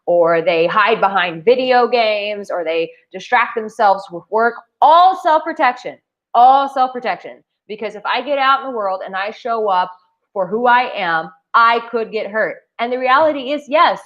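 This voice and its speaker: A woman's voice: fairly high pitch, unhurried, a bit bright, muffled recording. A woman dating coach giving casual, emphatic advice to camera, full of "like" fillers. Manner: chatty, emphatic, with many "like" fillers. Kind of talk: casual talking-head advice. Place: Bali.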